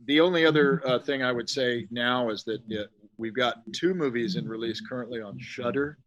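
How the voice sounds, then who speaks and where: A man's voice: mid-range voice, normal speed, a bit bright, poor audio. Middle-aged man, podcast guest, loose jokey rambler who curses freely. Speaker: guest, special effects artist. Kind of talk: casual podcast interview.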